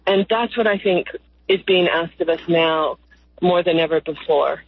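A woman guest in an interview, speaking slowly and earnestly in lyrical phrases, with a husky voice. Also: fairly low pitch. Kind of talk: reflective interview talk. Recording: dry, tinny phone line.

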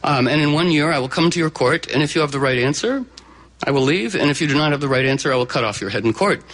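A man's voice: on the high side, quick pace, a bit bright. A man voicing a vengeful old enemy of a king in a folktale, matter-of-fact and bargaining. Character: vengeful knightly enemy man, cunning dealmaker.

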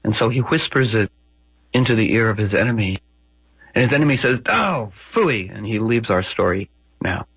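A man's voice: fairly low pitch, brisk, long pauses, husky, dry recording. A man telling a legend on the radio, wry and conversational with digressions. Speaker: radio storyteller. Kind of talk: spoken-word storytelling. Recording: dry, tinny phone-like radio audio.

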